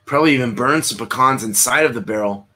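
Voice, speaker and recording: A man's voice: medium pitch, quick pace, pushed and bright. A man hosting a solo beer livestream, his voice right in the middle of the range for a man. He talks in a loose, rambling way to his chat, tripping over and repeating words. He drops a casual curse here and there, recorded on a computer mic. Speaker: beer review livestream host.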